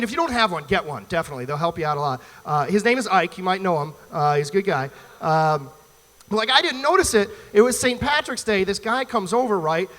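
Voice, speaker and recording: A male stand-up comedian from the US Midwest, talking in an animated, rambling way on stage at a live venue. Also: high voice, big-room sound. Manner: animated, chatty, rambling asides.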